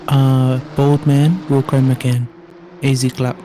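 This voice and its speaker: A man's voice: mid-range voice, flat delivery, takes it slowly, a crowd in the background. A man co-commenting on a sim race with joking, rambling banter.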